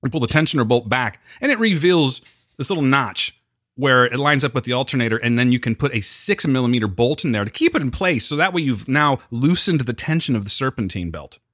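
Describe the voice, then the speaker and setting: A man's voice: medium pitch, expressive, fairly quick, fairly bright tone, no room sound, studio quality. A young man co-hosting a casual chat, joking and rambling with mock-serious asides. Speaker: podcast co-host.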